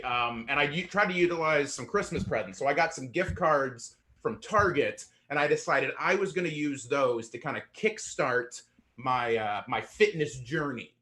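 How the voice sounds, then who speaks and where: A man from Indiana doing a stand-up set on an online show, out of breath and self-deprecating, halting over fillers and laughing into his punchlines. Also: fairly high pitch, lively intonation, bright, forceful tone. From Indiana, USA. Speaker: stand-up comedian.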